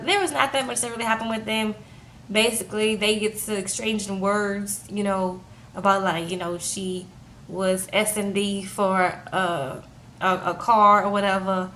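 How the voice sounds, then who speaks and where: A woman's voice: medium pitch, a bit bright, slight background noise. Chatty young woman recapping a show. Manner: chatty, frequent "okay?" and "like" fillers. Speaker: TV show reviewer. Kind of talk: casual recap vlog.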